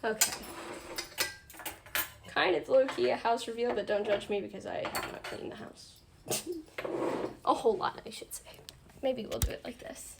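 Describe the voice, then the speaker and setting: At home, a woman in her twenties hosts a dinner livestream, chatting casually, talkative and giggly with frequent laughs. Her voice is on the high side and gravelly at a normal speed, with long pauses and a noisy background.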